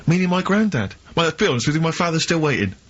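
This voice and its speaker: A man's voice: on the high side, sing-song, very fast, muffled recording. A man co-hosting a radio chat in a dry, teasing manner. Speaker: radio co-host. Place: radio studio.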